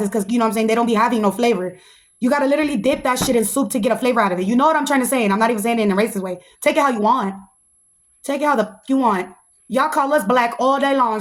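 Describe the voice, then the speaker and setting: Animated, high-voiced woman podcaster. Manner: animated and sassy, slips into mocking put-on voices. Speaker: podcast host. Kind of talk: casual opinion monologue.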